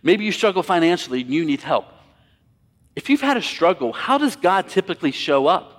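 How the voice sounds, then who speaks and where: A man's voice: high-pitched, sing-song, a little fast. A man preaching a sermon as pastor, talking conversationally and with emphasis, speaking directly to his congregation. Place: church sanctuary. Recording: long hall reverb.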